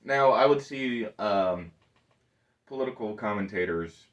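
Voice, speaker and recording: Laid-back male co-host, halting delivery, slightly distant mic. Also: on the low side, highs cut off. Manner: relaxed, halting, searches for words. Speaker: podcast co-host. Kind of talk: casual movie review chat.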